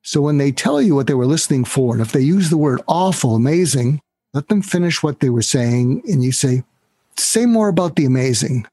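A man talking as a guest expert on selling and negotiating, animated and acting out bits of dialogue as he explains. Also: brisk, slightly rough. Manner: animated, acts out dialogue with raised pitch for quoted lines. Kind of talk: explanatory interview talk.

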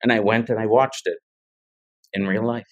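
A man's voice: on the low side, fairly even intonation, normal speed, muffled recording. A middle-aged man telling stories as a guest in a casual interview, full of restarts and little laughs. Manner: rambling storyteller, many restarts and laughs. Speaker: guest, tech founder.

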